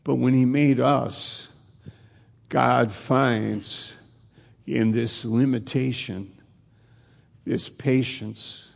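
A man preaching a sermon in a slow, repetitive cadence, building phrase on phrase. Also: medium pitch, steady tone, gravelly, in a large hall.

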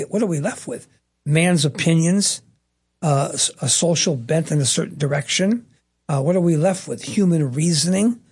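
Man, middle-aged pastor, sermon, husky, fairly high voice, emphatic repetition. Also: a little mellow. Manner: emphatic, repeats key phrases.

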